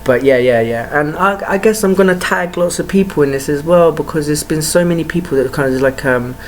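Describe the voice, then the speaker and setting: A woman's voice: low voice, a little fast, slight background noise. A woman ranting to camera in a heated, profane monologue full of rhetorical questions. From United Kingdom. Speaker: vlogger.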